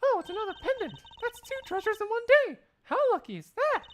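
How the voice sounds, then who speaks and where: A man doing a squeaky bubbly young girl sleuth. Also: fairly quick, a little hiss or hum. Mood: excited. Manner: squealing falsetto, excited. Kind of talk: live fan dub of a game.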